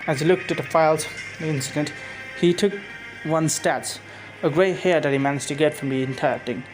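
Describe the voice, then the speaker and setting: On a low-quality recording with music in the background, a man with a slightly high voice narrates his own fan fiction a little fast. He rambles casually, frequently restarting and correcting himself.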